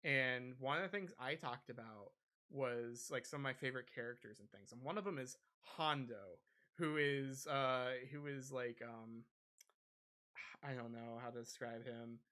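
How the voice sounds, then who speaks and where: A man's voice: mid-range voice, a little slow, pushed and bright. A man co-hosting a gaming podcast, chatting casually with lots of fillers and restarts. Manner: rambling, many fillers and restarts. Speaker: podcast co-host. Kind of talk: casual chat.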